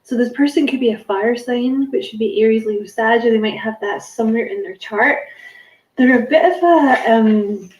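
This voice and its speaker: A woman's voice: on the high side, moderate pace, a little mellow, reverberant, poor audio. A woman giving a casual spiritual card reading to camera, musing and rambling with many fillers and self-corrections. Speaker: tarot card reader.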